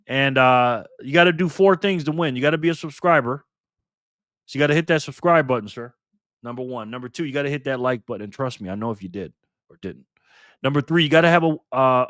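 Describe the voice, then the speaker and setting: A man's voice: mid-range voice, a bit bright, no echo, clean studio sound. An older man hosting a live stream in a casual, chatty way, thanking viewers by name and swearing now and then.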